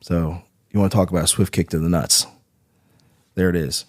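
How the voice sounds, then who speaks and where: A man with a fairly low voice tells his story casually as a podcast guest. He rambles and swears freely, checking in with "right?" as he goes. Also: steady tone, fairly quick. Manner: profane, rambling, frequent "right?" tags. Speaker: podcast guest, Marine veteran.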